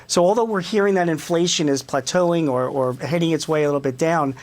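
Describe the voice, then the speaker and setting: A man speaking as a business commentator and guest on a TV news interview, animated and emphatic, with many fillers. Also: fairly high pitch, a little fast.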